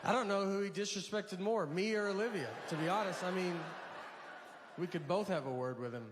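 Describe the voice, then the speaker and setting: A man performing a stand-up routine, telling rambling stories in a halting, deadpan way. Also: high voice. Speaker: stand-up comedian. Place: large venue with a live audience. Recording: live stage mic in a reverberant hall with audience noise. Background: audience laughter.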